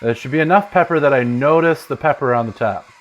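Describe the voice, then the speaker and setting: A chatty, joking man walks through a recipe in his home kitchen. His voice sits in an ordinary middle range and swings between bright, louder bursts and low asides. Now and then he drifts away from the microphone. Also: fast talker, lo-fi sound. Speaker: home cook host. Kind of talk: casual cooking demonstration.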